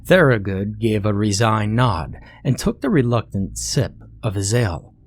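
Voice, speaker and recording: A man reading a horror story aloud as scripted narration, steady and measured. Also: fairly low pitch.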